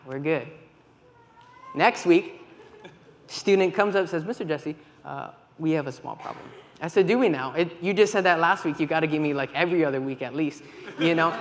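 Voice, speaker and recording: Man, church talk, fairly high voice, long hall reverb, faint room ambience. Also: moderate pace, a little hiss or hum. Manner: lively storytelling with quoted dialogue and laughs. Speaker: volunteer leader with kids.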